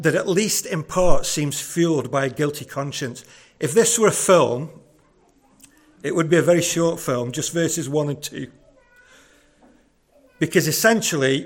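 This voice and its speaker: A man preaching a sermon in a conversational, earnest way, often repeating words as he goes. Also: on the high side.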